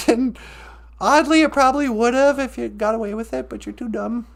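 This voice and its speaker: A man's voice: very high-pitched, moderate pace, gravelly. A man doing a sassy woman talk host. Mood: mocking. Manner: dry, mocking put-downs. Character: blunt, sassy woman call-in show host. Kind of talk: comedy call-in sketch.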